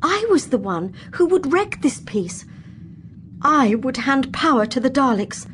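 A woman narrating an audio drama in the first person as a frightened but defiant young female companion, telling it in an earnest, expressive way. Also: high voice, unhurried, a little hiss or hum.

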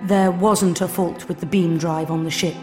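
A woman voicing a calm, guilt-laden male doctor, speaking softly for an audiobook. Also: fairly low pitch, over music, lightly acted. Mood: somber. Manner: soft, quiet and measured. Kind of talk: audiobook character voice.

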